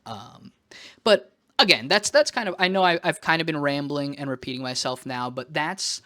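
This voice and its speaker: A man's voice: a little high, expressive, moderate pace, sharp tone. Candid, rambling male vlogger. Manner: candid, rambling and emphatic, with casual swearing. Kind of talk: casual personal vlog.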